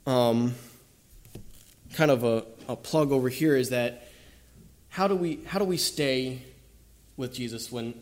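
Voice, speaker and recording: A young man giving an informal sermon and closing prayer, speaking haltingly with many fillers and restarts. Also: medium pitch, a little mellow.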